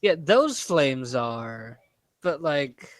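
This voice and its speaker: A man's voice: medium pitch, big pitch swings, very slow, no echo. A man chatting casually as a player in a tabletop game, hesitant and thinking aloud.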